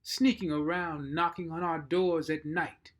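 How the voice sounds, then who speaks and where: A man voicing a big, belligerent woman servant in a storybook reading, booming and defiant. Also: flat delivery, unhurried, fairly bright tone.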